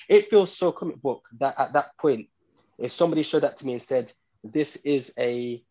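A man's voice: mid-range voice, darkish tone, breathy edge, highs cut off. A man co-hosting a podcast, chatting casually about a film in a rambling way, repeating himself with many fillers. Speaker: podcast co-host. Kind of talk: casual film review chat.

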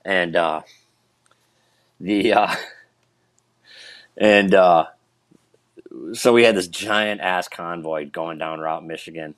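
A man, a military veteran, telling a war story in a halting way with many restarts and fillers. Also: deep voice, no room sound. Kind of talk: casual storytelling.

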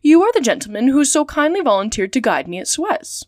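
A woman's voice: high-pitched, very animated, fairly quick, no echo, studio quality. A woman voicing a cheerful, trusting male manservant in a storybook reading, with eager, amiable talk.

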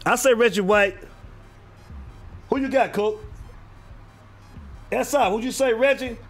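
Over faint background music, a man with a very high voice hosts a casual football live stream at an unhurried pace. He calls out viewers by name and repeats himself in a loose, drawling manner.

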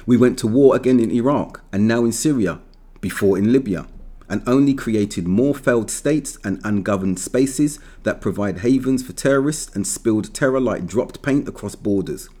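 A man reading an opinion article aloud in an earnest, measured, emphatic way, with occasional slips. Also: medium pitch, warm tone.

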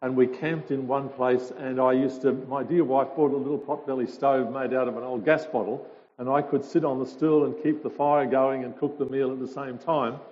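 A man's voice: mid-range voice, steady tone, normal speed, a little mellow. A man, a visiting speaker telling stories to a congregation in a chatty way with hesitations. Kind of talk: informal talk to a congregation. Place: church hall. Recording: dull lo-fi sound with a long hall reverb.

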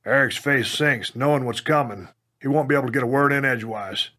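A man from Texas reads his own memoir aloud in a gruff, plainspoken manner, with the odd curse word mixed in. His voice sits in an ordinary middle range, and he tells the story straight, as in an audiobook. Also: mid-range voice, brisk. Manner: punches up quoted lines with loud bursts. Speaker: memoir narrator.

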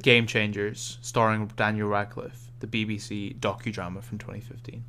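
Young man telling a story, lively. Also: on the low side, moderate pace. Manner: animated storytelling, laughs often. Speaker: podcast co-host. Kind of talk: casual chat.

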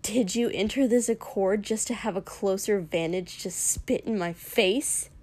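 A woman's voice: medium pitch, measured pace, a little mellow, lightly acted. A woman voicing a formal, indignant young prince in a fantasy story.

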